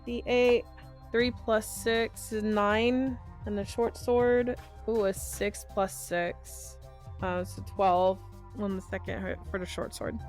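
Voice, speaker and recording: A tired woman playing a tabletop game speaks very slowly and works through her dice sums aloud. Her pitch sits in the middle, and she sounds unhurried the whole way through. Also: fairly even intonation, faint music behind. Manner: unhurried, tallies dice out loud. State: tired, yawning. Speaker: player. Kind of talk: tabletop game play, casual chat.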